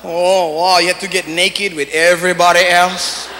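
Guy doing standup in pidgin accent, real high voice, long hall echo and noise. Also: flat delivery, normal speed. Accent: Hawaiian Pidgin. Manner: chatty, keeps asking the audience "you know?". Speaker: standup comedian. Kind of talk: standup routine. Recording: live stage recording with reverb and noise.

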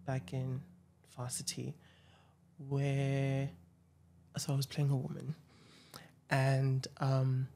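A young man, hosting an interview in a hesitant, reflective way, with frequent pauses and fillers. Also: medium pitch, darkish tone. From South Africa. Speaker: podcast host. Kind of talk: casual interview chat.

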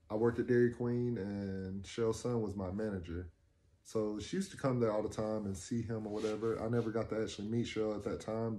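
A young man in his twenties with a mellow, relaxed tone, spinning a casual personal story. He acts out the dialogue he quotes and gets more and more excited as he goes. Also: fairly low pitch. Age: 20s. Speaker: vlogger.

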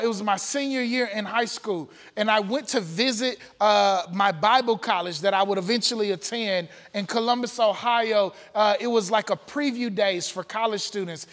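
A man's voice: very high voice, a bit bright, big-room sound. A man preaching a testimony sermon, telling his story earnestly with frequent filler sounds. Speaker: pastor. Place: church sanctuary.

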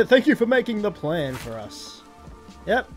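Male let's-play streamer, fairly high voice, casual chuckling commentary. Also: sing-song, takes it slowly, over music. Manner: chuckling, offhand remarks. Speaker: gaming streamer.

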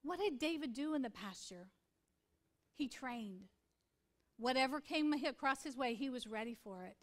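Woman pastor giving a sermon, high voice, chatty and earnest, says things twice. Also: animated, normal speed. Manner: conversational, earnest, repeats for emphasis.

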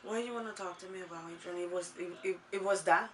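A tired mother from the Dominican Republic talks in flustered, disbelieving bursts. Her voice is bright. She is picked up from across the room with faint background noise. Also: fairly low pitch, fairly even intonation, fast. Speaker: vlogger's mother. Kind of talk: casual family talk. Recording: distant voice in a noisy room.

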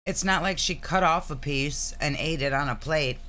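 A woman's voice: deep voice, moderate pace, sharp tone, slight background noise. A woman co-hosting a live-stream reaction, dropping dry, scornful remarks. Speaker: stream co-host.

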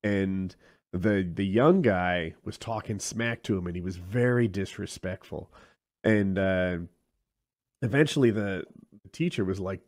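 A man co-hosting a casual podcast, telling an anecdote with frequent "uh" pauses. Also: deep voice, a little mellow. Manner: anecdotal, trails off with "uh". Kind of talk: casual storytelling chat.

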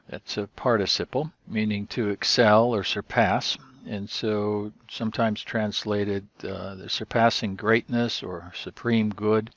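A man teaching, who explains each point step by step in a measured way with frequent pauses. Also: fairly low pitch, no room sound, dull audio. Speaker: Greek teacher. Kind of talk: explanatory lecture.

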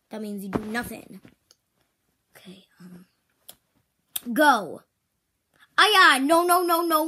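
A woman voicing a strict female toy karate teacher in make-believe play, switching between loud drill shouts and whispers. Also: mid-range voice, breathy edge, full character voice.

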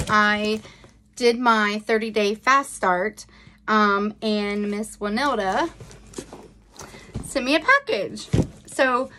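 A woman in her thirties unboxing a gift on a phone camera, gushing with thanks between slow, halting fillers. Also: on the high side, bright, forceful tone, slight background noise. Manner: gushing and grateful, many fillers. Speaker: beauty seller unboxing a gift. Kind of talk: casual unboxing vlog.

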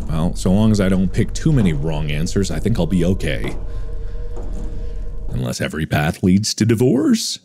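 A man in his thirties playing a horror game on video, swinging between panicked yelling and dry jokey asides. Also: low voice, huge pitch swings, normal speed, faint music behind. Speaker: gaming video host.

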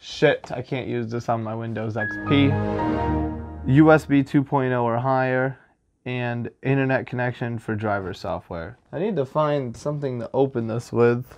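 A man's voice: mid-range voice, moderate pace, soft background music. A young man hosting a casual unboxing vlog, joking and self-mocking as he talks. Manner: jokey, animated, self-mocking. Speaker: vlogger.

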